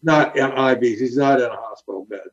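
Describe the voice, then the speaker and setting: A man and former highway patrol officer telling a story in an interview, earnest and animated, acting out the quotes. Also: brisk, lo-fi sound.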